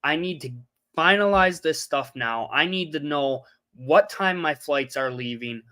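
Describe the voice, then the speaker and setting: Young man, livestream host, casual rambling chat, bright forceful tone. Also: on the high side, lively intonation, unhurried. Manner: rambling, loses his train of thought. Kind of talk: casual live-stream chat.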